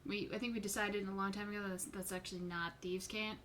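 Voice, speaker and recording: A woman running an online tabletop game as game master, narrating scenes in a loose, casual way with the odd swear. Her voice is bright and forward. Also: mid-range voice, flat delivery, quick pace, a little hiss or hum. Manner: descriptive, informal, swears casually.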